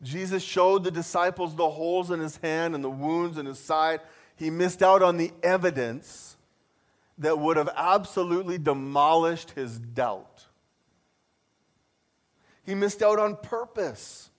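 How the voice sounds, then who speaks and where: Male pastor with a high voice, preaching an animated sermon that hammers repeated phrases and asks the room questions. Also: measured pace.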